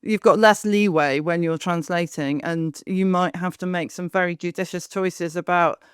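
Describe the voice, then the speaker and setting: A woman's voice: lowish voice, fairly even intonation, moderate pace, clean tone, no room sound, studio quality. A woman co-host summing up points and asking long, winding questions of her guest. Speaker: podcast co-host. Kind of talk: interview conversation.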